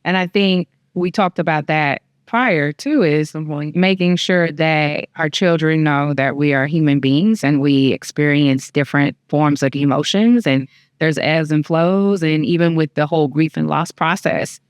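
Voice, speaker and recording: Woman co-host, very low voice, dry close mic, calm and reflective delivery. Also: clean tone, no room sound. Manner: measured, earnest, with frequent affirming mm-hmms. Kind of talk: reflective discussion.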